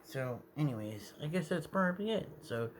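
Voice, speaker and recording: A man's voice: fairly high pitch, big pitch swings, normal speed, slight background noise. A man talking to his viewers in a meandering, hesitant way, often correcting himself mid-sentence. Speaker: video creator. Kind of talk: casual rambling monologue.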